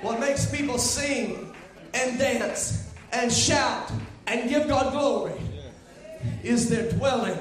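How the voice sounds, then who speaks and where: A man preaching a sermon, shouting and half-singing his lines in a rising chant. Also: very high-pitched, slow, long pauses. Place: large church. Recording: very echoey church hall with organ and congregation.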